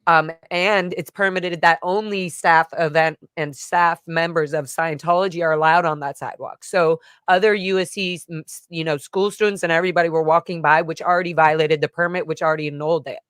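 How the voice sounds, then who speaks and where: A woman's voice: low voice, steady tone, brisk, few pauses, a bit bright, clear, resonant tone, no room sound, clean studio sound. A woman vlogger telling a personal story in a casual, rambling way, full of "like" fillers. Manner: rambling, emotional retelling with frequent "like" fillers. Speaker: vlogger recounting a personal event.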